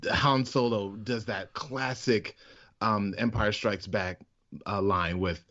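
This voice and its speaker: Co-host, male, deeper voice, measured and halting, muffled podcast recording. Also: steady tone, fairly bright tone. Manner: thoughtful, hesitant, many restarts. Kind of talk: casual movie review chat. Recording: dull lo-fi podcast audio.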